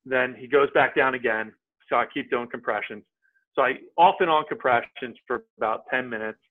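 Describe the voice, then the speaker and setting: A man's voice: mid-range voice, normal speed. Man telling a story over a tinny line. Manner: animated, acts out what people said. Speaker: podcast guest. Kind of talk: casual storytelling.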